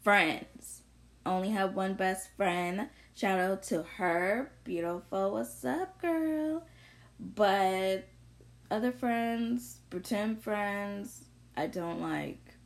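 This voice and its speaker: Blunt, slow-talking profane young woman. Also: on the low side. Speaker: vlogger sharing opinions. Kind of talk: unscripted ranting monologue.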